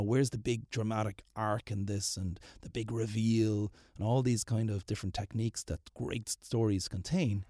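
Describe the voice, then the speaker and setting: A man hosting a storytelling podcast, relaxed and a little hesitant as he introduces stories. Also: mid-range voice, dry recording, clean studio sound. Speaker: podcast host.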